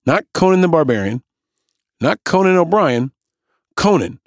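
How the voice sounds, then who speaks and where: A man's voice: on the high side, big pitch swings, normal speed, dry recording, clean studio sound. A man hosting a podcast, delivering scripted, sarcastic and pointed political commentary. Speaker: podcast host.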